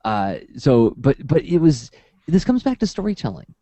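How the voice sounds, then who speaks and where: A man hosting a podcast in casual chat, talking in a playful, animated way. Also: medium pitch, normal speed, dry recording. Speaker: podcast host.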